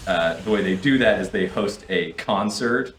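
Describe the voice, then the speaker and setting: A man's voice: fairly low pitch, moderate pace, fairly bright tone. A young man co-hosting a gaming stream, chatting casually and rambling through long explanations with many restarts. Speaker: co-host and player. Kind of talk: casual chat while gaming. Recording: echoey room, faint noise.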